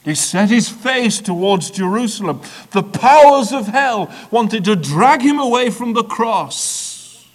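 Slow, high-voiced male preacher. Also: animated. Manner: dramatic, with sharp swings between soft and loud; measured, repetitive rhetorical build-up. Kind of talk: sermon.

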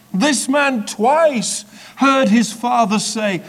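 Male preacher, high voice, slow deliberate sermon, dramatic swings from hush to loud. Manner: dramatic, with sharp swings between soft and loud; measured, repetitive rhetorical build-up.

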